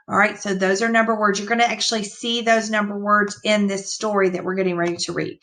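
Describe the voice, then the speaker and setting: A woman's voice: medium pitch, little pitch movement, fast talker, few pauses, fairly bright tone. A woman teacher reading a picture book aloud to young children, patiently explaining the words and counting the numbers out.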